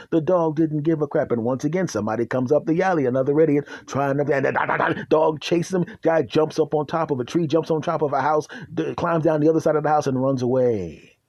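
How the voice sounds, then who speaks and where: A man hosting a podcast, telling a comic story in an animated, chuckling way. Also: on the high side, no room sound, highs cut off. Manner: animated, laughing, self-deprecating. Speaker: podcast host. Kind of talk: comedic storytelling.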